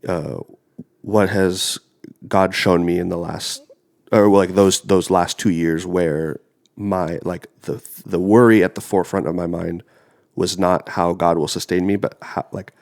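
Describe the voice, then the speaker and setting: A man's voice: sits low, fairly even intonation, measured pace, creaky, darkish tone. A young man in his twenties with a cold that leaves him congested, chatting casually and rambling as a podcast co-host. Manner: rambling, filler-heavy. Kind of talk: casual chat.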